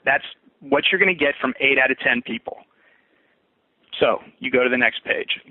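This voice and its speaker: A man's voice: medium pitch, normal speed, pauses often, no echo. Man coaching sales over tinny audio. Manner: conversational, repeats words while restarting. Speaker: fitness business coach. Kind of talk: recorded sales training walkthrough.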